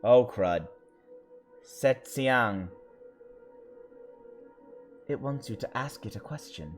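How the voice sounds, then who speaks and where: A man streaming a story game, reading the lines of several characters aloud and slowly sounding out invented words. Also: medium pitch, animated, warm tone, faint music behind.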